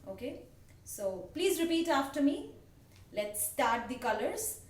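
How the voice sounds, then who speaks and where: A woman with an Indian English accent, teaching a language lesson slowly and patiently and repeating each word for her learners. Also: high voice, very animated. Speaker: French teacher. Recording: echoey room, voice a bit distant, faint background hiss.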